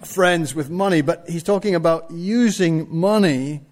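A man's voice: fairly high pitch, measured pace, darkish tone. A man preaching a sermon, stressing his points and putting rhetorical questions to the congregation.

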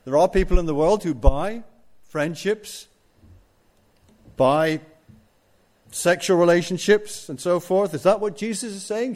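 A man's voice: high voice, measured pace, pauses often, a little mellow. A man preaching a sermon, stressing his points and putting rhetorical questions to the congregation.

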